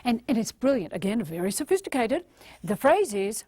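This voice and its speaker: A middle-aged woman with an Australian accent gives a motivational seminar talk in an animated, emphatic way. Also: on the high side, fairly quick, no room sound. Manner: animated, emphatic, acts out little scenes. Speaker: motivational speaker.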